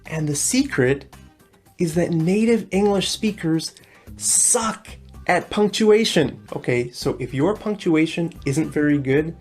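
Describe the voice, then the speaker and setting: A woman's voice: low voice, lively intonation, a little mellow, breathy edge, soft background music. A woman presenting a recorded English lesson in a friendly, explaining manner, with frequent "okay"s. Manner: friendly, repeats "okay" often, explains slowly. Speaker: English teacher.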